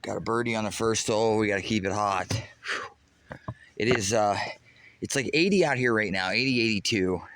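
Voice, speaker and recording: A man's voice: lowish voice, moderate pace, pauses often, fairly bright tone, no room sound. A man from Western Pennsylvania with that region's accent, casually chatting to his chat while walking a golf course outdoors. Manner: chatty, reads chat aloud, swears casually. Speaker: streamer. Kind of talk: casual live-stream golf vlog.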